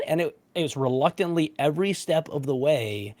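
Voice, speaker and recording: A man in his forties, a pastor hosting a casual livestream chat, telling a story with lively, self-mocking asides. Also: a little high, brisk. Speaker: pastor and show host.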